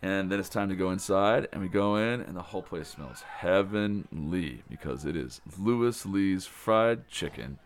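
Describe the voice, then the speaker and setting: A man's voice: deep voice, animated, measured pace, hardly any pauses. A man, a camp director, telling the story of arrival day in a rambling, enthusiastic way. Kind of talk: casual spoken recap of the day.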